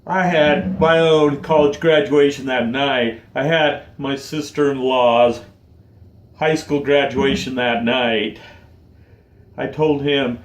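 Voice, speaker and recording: A man in his forties, choked up and close to tears, speaking slowly and haltingly in a heartfelt personal vlog. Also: mid-range voice, steady tone, roomy sound. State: choked up, tearful. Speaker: vlogger.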